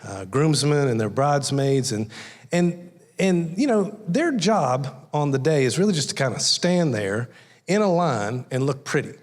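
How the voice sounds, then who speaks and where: A man's voice: medium pitch, big pitch swings, unhurried. A man preaching a conversational sermon as a guest speaker, telling folksy stories and acting out little voices in his anecdotes. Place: church sanctuary. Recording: long hall reverb.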